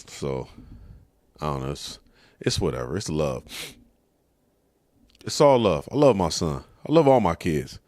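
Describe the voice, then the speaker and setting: A man's voice: a bass voice, sing-song, a little slow, pauses often, a little mellow, no echo. A man hosting his show, talking through a casual, conversational monologue. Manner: conversational, says "you know what I'm saying". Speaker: host.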